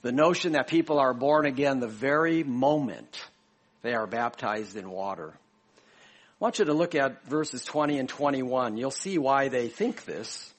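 A man's voice: mid-range voice, a little slow. A pastor from Chicago preaching a sermon, explaining a passage to his congregation in a conversational way.

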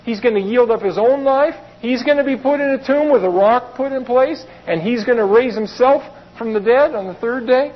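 A man with a very high voice preaching a sermon. He reads Bible verses and breaks into plain, chatty explanations. The recording sounds dull and lo-fi. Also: moderate pace, hardly any pauses. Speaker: pastor.

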